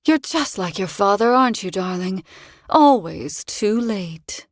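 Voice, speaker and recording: A man voicing a cold, scornful ghost of a mother in an audiobook, speaking in a slow, taunting drawl. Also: high-pitched, expressive, dry recording, studio quality, pitched above the performer's own voice. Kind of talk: audiobook character voice.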